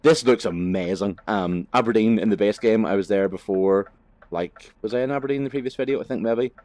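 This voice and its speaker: In a dry recording, a man with a low, darkish voice talks briskly as he plays a driving game. This gaming vlogger keeps his commentary casual and rambling, relaxed, sweary and packed with fillers.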